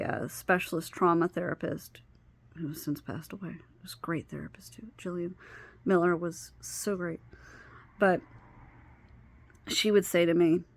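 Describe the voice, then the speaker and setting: A woman's voice: lowish voice, a bit bright, no echo. A woman vlogger candidly telling a painful personal story, swearing and sometimes dropping to a near whisper. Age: adult stepmother of a teenager.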